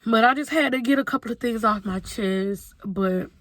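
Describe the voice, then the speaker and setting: A woman's voice: a little high, normal speed, a bit bright, no room sound. Candid young woman venting. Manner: candid, rambling, heavy use of "like". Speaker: vlogger. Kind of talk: casual venting monologue.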